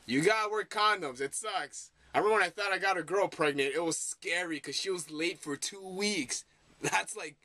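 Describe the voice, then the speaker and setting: Young male reaction vlogger, casual and goofy, high bright voice, dry recording. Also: normal speed, dry recording. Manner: laughing, rambling, joking.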